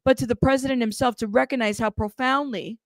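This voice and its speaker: A chatty woman hosts a casual live news commentary, reading out viewer comments with a playful, laughing manner. Her voice sits a little high and has a gravelly edge. The recording is dry and close. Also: steady tone, quick pace, no room sound. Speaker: host of a news commentary livestream.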